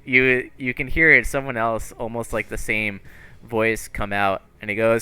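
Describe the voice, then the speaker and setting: A man's voice: medium pitch, little pitch movement, unhurried, pushed and bright, clear, resonant tone, no room sound. A man narrating a tabletop game as game master, laid-back and full of fillers. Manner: laid-back, filler-heavy, laughs often.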